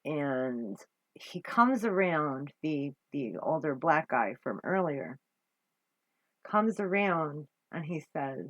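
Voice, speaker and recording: A woman's voice: low voice, very animated, slow, no room sound, muffled recording. A woman telling a story about her flea market booth in a casual monologue, swearing often and rambling with restarts as her exasperation builds.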